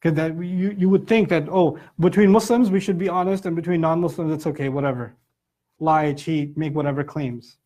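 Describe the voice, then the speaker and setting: A man's voice: fairly high pitch, normal speed. A middle-aged man giving a Quran commentary lecture, telling stories and acting out the people he quotes. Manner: animated storytelling, acts out quotes. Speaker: Islamic lecturer.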